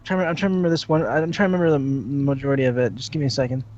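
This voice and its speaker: A man's voice: medium pitch, darkish tone, slight background noise. A man in casual livestream chat who stammers and restarts often as he tells a joke. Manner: halting, stammers and restarts while telling a joke. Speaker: guest on the stream. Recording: dull lo-fi stream audio.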